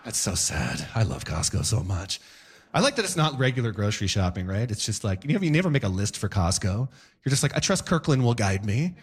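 A man doing a stand-up set on stage before a live audience, animated, breaking into shouted voices and sound effects. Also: fairly low pitch, quick pace, slightly rough. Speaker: stand-up comedian.

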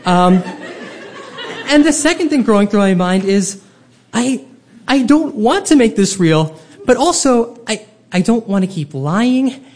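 A man with a fairly high voice tells a funny personal story to a live audience from a stage. He talks in a comic, self-deprecating way and keeps the telling lively and animated.

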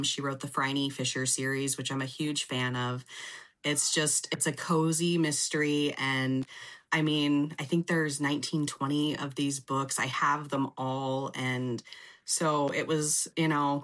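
Chatty low-voiced woman guest. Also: a bit bright. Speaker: social media manager, radio guest. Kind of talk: casual radio interview chat.

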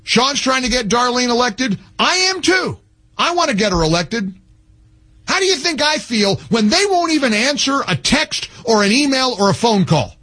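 A man's voice: very high-pitched, big pitch swings, normal speed, sharp tone. A male talk radio host delivering an impassioned political rant, emphatic and fired up, often restarting his sentences.

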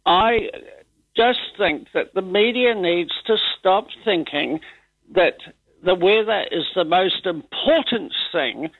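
An older New Zealand man calls in to talkback, rambling and hesitant as he grumbles. His voice sits high for a man. The line sounds dull and muffled, dry. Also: animated, slow pace, dry recording. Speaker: caller. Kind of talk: casual talkback chat.

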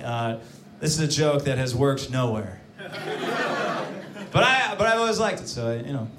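A man doing a stand-up set in a comedy club, self-deprecating, with mumbled asides. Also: medium pitch. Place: comedy club before a live audience. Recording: echoey live club with crowd noise.

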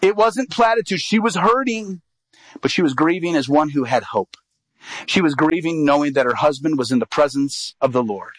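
Animated evangelist telling a story, dry sound. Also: male voice, on the high side, moderate pace, no room sound, poor audio. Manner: animated storyteller acting out quoted dialogue. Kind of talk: sermon storytelling.

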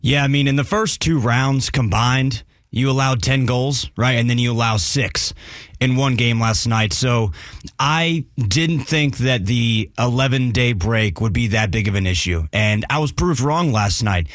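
A man's voice: medium pitch, measured pace, fairly bright tone, no echo, studio quality. A man giving candid, wry hockey analysis as a guest on a sports radio show. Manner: candid, wry, stat-heavy breakdown.

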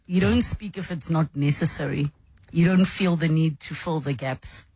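A woman's voice: deep voice, moderate pace, warm tone, slightly rough, no echo. A woman hosting a radio interview, chatty and reflective, with fillers and self-corrections. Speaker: radio host interviewing a guest. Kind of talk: warm conversational interview.

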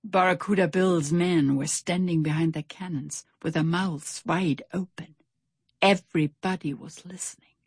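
A woman reading a children's storybook aloud in an expressive, animated way. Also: on the low side, measured pace, slightly rough, no room sound, clean studio sound. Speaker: narrator. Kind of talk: storybook narration.

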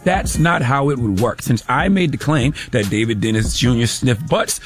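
A man's voice: medium pitch, animated, normal speed, faint music behind. Emphatic sarcastic male commentary host. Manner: emphatic, sarcastic, repeats "okay?". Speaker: radio show host. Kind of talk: opinion commentary monologue.

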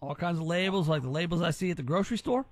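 A male radio host with a high voice, joking and teasing his callers. He rambles in loose, casual banter and keeps the show moving. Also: animated, rapid-fire, dry recording.

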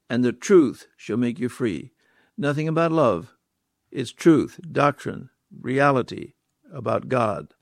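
A man's voice: medium pitch, a little mellow, dry recording. Emphatic male preacher, dry sound. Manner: emphatic, repeats key words, rhetorical questions to listeners. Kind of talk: sermon.

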